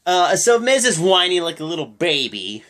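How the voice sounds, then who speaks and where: A man's voice: sits high, very animated, moderate pace, a bit bright. Slangy young man with a raised voice. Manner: rambling, peppered with "like" and slang. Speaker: wrestling show reaction vlogger. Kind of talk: casual reaction commentary.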